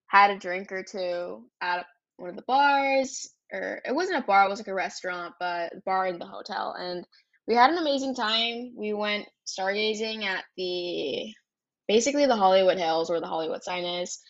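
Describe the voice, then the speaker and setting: A woman's voice: medium pitch, moderate pace, dull audio. A young woman in her twenties hosting a podcast, telling a personal story in a candid, chatty way, swearing freely and tagging her sentences with "like" and "right?". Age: 20s. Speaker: podcast host.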